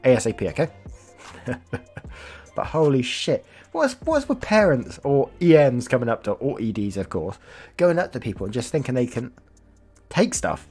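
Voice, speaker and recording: A man's voice: medium pitch, big pitch swings, moderate pace, a little mellow, husky, soft background music. A man reading online stories aloud as a YouTuber, casual, swearing, breaking off to react and comment. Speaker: storytelling YouTuber.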